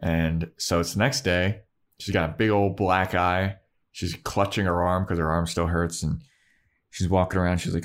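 A man with a deep voice tells the plot in a breezy, profane podcast chat. He speaks into a podcast microphone, relaxed and conversational. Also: normal speed. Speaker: podcast co-host. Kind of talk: casual recap chat.

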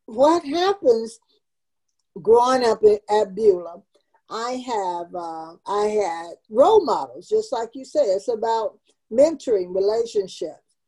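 A woman's voice: mid-range voice, big pitch swings, slow pace, warm tone, breathy edge, low-quality recording. A woman in her seventies, a community founder, telling her life story in an interview with earnest, emotional emphasis. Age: 70s.

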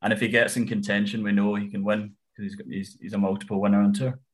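A man tipping golf bets in casual chat, analytical and measured with frequent ums. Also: fairly low pitch, little pitch movement. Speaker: golf betting tipster.

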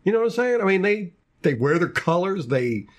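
A man's voice: high-pitched, big pitch swings, brisk. A man hosting a casual sports podcast, ranting with lots of repeated words and restarts. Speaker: podcast host.

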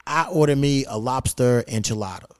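A man hosting a podcast, telling stories in a profane, animated way with quoted back-and-forth. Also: mid-range voice, normal speed, smooth, no room sound, clean studio sound. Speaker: podcast host. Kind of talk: casual chat, storytelling.

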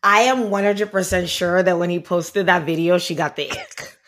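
A woman's voice: lowish voice, moderate pace, a bit bright, slight background noise. A woman from Miami, guest on a podcast, talking bluntly and candidly with lots of "like" fillers. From Miami, United States. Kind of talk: casual chat.

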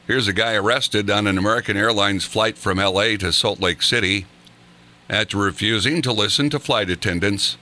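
A man's voice: on the low side, moderate pace, pushed and bright. A man hosting a morning radio show, chatting in an easygoing way with a chuckle. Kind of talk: casual radio chat.

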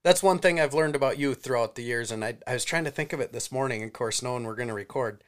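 A man's voice: mid-range voice, fast. A man hosting a podcast, chatting casually and admiringly with a longtime friend. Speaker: podcast host. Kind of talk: casual chat.

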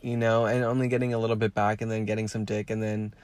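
A man's voice: lowish voice, level tone, quick pace, darkish tone, clean tone, no echo. A man hosting a podcast, talking frankly in a casual, rambling way with lots of swearing. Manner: frank and heavily profane; rambling with many fillers. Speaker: podcast host.

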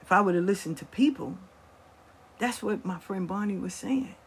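Middle-aged woman, husky and raspy, swears freely and tells it straight in casual storytelling. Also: mid-range voice, animated, moderate pace. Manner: blunt, profane, acts out quoted voices.

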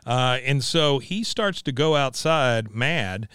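A man's voice: mid-range voice, animated, slow, fairly bright tone, clear, resonant tone, dry recording, studio quality. A man co-hosting a casual podcast, recapping a cartoon episode and acting out the characters' lines. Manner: retells scenes, acting out characters' lines in raised voices. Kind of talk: casual chat.

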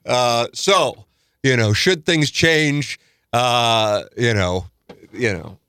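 A man's voice: mid-range voice, very slow, sharp tone, clean tone, dry recording, clean studio sound. A middle-aged man hosting a podcast in casual chat, tired and yawning, rambling and swearing freely. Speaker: podcast host.

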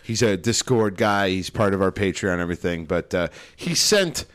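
A man's voice: low voice, moderate pace, smooth. A man hosting a casual podcast chat in a playful, joking way, leading toasts. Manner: playful, leads toasts in a ceremonial call. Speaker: podcast host.

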